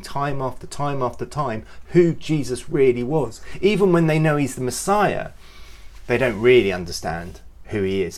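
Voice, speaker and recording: A man's voice: mid-range voice, darkish tone. Guy doing a faith talk for youth leaders, earnest and chatty, lots of uhs. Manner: earnest, conversational, many fillers, voices the people in his stories. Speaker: youth ministry podcast host. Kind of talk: reflective devotional talk.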